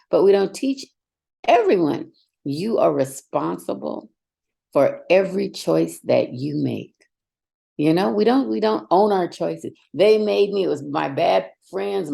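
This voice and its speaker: A middle-aged woman, a longtime educator, telling animated stories in a direct, emphatic way as a podcast guest. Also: deep voice, vocal fry. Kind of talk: storytelling in conversation.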